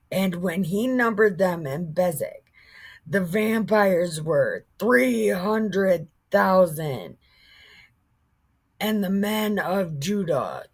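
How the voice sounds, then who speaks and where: Woman, casual Bible storyteller, irreverent, profane, joking, stumbles over words, very slow, animated pitch. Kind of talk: irreverent casual retelling of scripture.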